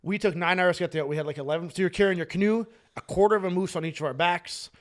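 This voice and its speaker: A man's voice: high-pitched, fast talker. A man on a casual podcast, telling rambling, profane stories and laughing along as he talks. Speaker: podcast co-host.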